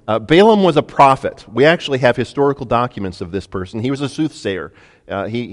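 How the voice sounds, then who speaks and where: A man preaching a sermon, retelling a story with lively, dramatic delivery and frequent restarts. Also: medium pitch, long reverb tail. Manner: storytelling, animated, acts out quotes. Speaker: pastor.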